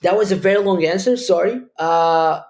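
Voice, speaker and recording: A man's voice: high-pitched, moderate pace, darkish tone. A man from Portugal, answering interview questions at length in a thoughtful, rambling way with frequent restarts. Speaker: guest, educator.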